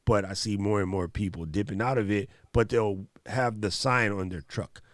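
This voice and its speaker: A man's voice: fairly low pitch, moderate pace, dry recording, clean studio sound. A man hosting a casual conversation, telling stories in a loose, slangy way. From Hawaii. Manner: animated storytelling, slangy. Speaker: host.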